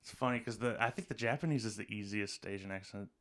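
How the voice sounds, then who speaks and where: A young adult man co-hosting a podcast, chatting casually and jumping in with quick one-liners. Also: on the low side, a bit bright. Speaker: podcast co-host. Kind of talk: casual chat.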